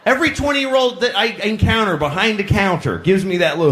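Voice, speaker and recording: A man's voice: sits high, fairly quick, few pauses, a bit bright, echoey room. A male stand-up comedian ranting in an exasperated way, recorded live at a show with audience noise.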